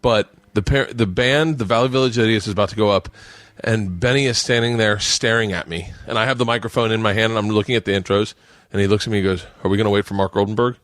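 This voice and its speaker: A man's voice: on the low side, fast talker, a bit bright, no room sound. A man in his forties hosting a podcast, telling a story in casual chat and acting out quotes with raised voices. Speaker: podcast host.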